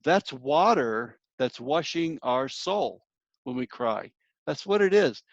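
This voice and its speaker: A man gives a church workshop talk, earnestly telling a personal story and turning often to address his listeners. His voice sits in a middle pitch. The recording is dry and a little muffled, with little high end. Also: expressive, takes it slowly, dry recording. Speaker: grief workshop speaker.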